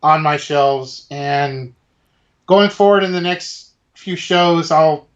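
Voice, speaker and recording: A man's voice: a little high, dull audio. A man co-hosting a casual talk show, speaking with many restarts and enthusiasm. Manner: halting, many restarts, enthusiastic about collectibles. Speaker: podcast co-host. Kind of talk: casual chat.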